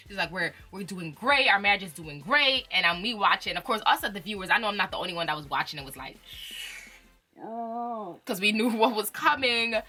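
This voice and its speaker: A young woman, chatting casually about reality TV with lots of slang and laughter. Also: on the low side. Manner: animated, chatty, uses slang and laughs often. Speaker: reality TV commentator. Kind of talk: casual chat.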